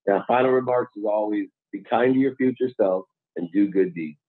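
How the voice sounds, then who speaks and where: A man's voice: on the low side, normal speed, no echo. A man guest on a podcast, talking earnestly and a bit preachily about service and humility. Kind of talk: motivational interview talk. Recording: tinny phone-like line.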